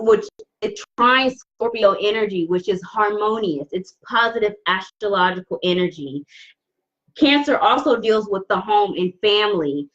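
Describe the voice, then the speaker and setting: A woman's voice: medium pitch, dull audio. A woman giving a live-streamed tarot reading, effusive and repeating phrases for emphasis. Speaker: tarot reader.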